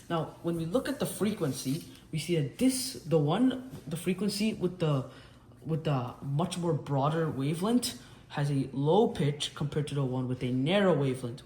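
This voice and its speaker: A man's voice: fairly high pitch, darkish tone. A young man explaining physics as a casual tutor while drawing, often restarting his sentences. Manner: casual, restarts and self-corrections. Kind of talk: whiteboard explainer lesson. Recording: roomy, faint background noise.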